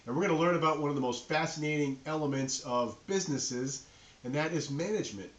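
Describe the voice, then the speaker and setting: A man's voice: fairly high pitch, fast talker, roomy sound. A middle-aged man from New Hampshire with a New England accent, an enthusiastic university instructor introducing his course to students. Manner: enthusiastic, friendly, addresses students directly.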